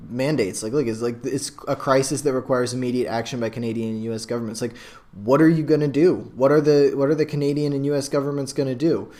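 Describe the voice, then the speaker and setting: A young man reacting to news clips from his home computer, talking in a rambling, excitable way full of likes and you knows. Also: medium pitch. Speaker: reaction video host. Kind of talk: casual reaction commentary. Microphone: webcam.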